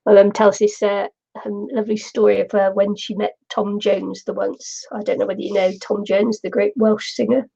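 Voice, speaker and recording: A woman's voice: medium pitch, little pitch movement, moderate pace, vocal fry, mellow, breathy edge, muffled recording. A middle-aged woman from the UK, chatting casually and rambling while she crafts, laughing often. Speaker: craft vlogger.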